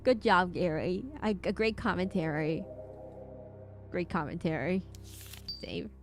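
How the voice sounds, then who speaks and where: A woman's voice: on the low side, unhurried. A woman giving casual let's-play commentary on a horror game, reading game text aloud with wry asides. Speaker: gamer playing a horror game. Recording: faint game music behind.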